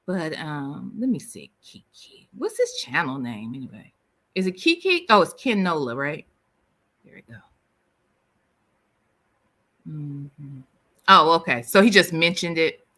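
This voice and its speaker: Sassy, animated woman livestream host. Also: sits low. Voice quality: sassy, candid, drawling banter. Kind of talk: casual chat reading viewer comments.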